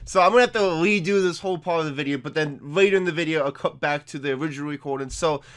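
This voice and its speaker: A young man talks through a casual commentary video in a fairly high voice. He sounds chatty and defensive, with plenty of fillers. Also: fast talker. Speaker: YouTuber.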